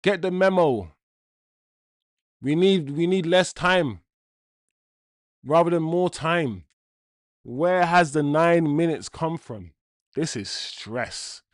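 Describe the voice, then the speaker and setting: Young man reacting to football, loud swings. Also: fairly high pitch, takes it slowly, pauses often, no echo, studio quality. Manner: loud swings from groans to shouts, slang-heavy. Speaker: watchalong streamer. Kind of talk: live football watchalong reaction.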